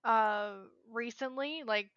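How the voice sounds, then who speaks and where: A woman's voice: fairly high pitch, fairly bright tone, clean tone, no echo, dull audio. A woman co-hosting a casual gaming podcast, chatty and frank. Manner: chatty, frank, quick to laugh. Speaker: podcast co-host. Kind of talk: casual chat.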